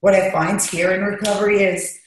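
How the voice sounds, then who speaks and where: A woman's voice: mid-range voice, level tone, fairly quick. A woman guest talking candidly and emotionally, rambling as she shares her feelings in an interview. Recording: echoey room.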